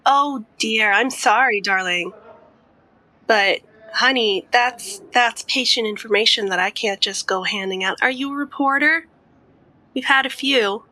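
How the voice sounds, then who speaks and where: A woman's voice: fairly high pitch, measured pace, bright, forceful tone, pitched above the performer's own voice, rough recording. A woman playing a stubborn, sugary small-town nurse. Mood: sweet. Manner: sugary politeness, calls people honey and ma'am.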